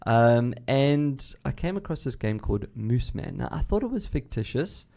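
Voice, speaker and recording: A man with a South African accent hosting a radio tech show, chatting loudly and rambling with frequent restarts in a studio. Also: mid-range voice, sing-song, moderate pace, vocal fry. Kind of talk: casual radio chat.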